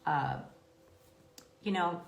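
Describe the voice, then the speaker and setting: A woman hosting an interview, speaking in a slightly low voice and responding with encouragement and easy laughter. The recording has a roomy echo. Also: extremely slow, gravelly, lo-fi sound, slight background noise. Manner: warm listener, laughs often, encouraging. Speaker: interviewer, former preschool teacher. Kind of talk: casual interview talk.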